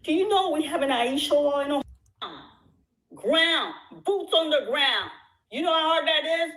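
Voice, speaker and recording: A woman speaks in a slightly high voice, in impassioned casual talk. She is emphatic and rambling, repeating phrases over and over and restarting her sentences as she goes. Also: animated, moderate pace, fairly bright tone, poor audio. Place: out at dinner with supporters.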